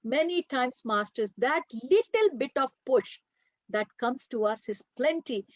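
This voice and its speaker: A woman leading a children's workshop, telling a story in an animated way. Her voice is high. The recording is dry and a little dull. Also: unhurried, no echo. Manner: animated, addresses listeners as "masters".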